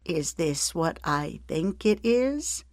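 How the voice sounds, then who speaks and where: A narrator voicing Bertie, a grandmother in love, soft, teasing and emotional, lifting the voice higher for her. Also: expressive, measured pace, gravelly, no echo, studio quality. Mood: tearful. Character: warm hopeful woman in love, older.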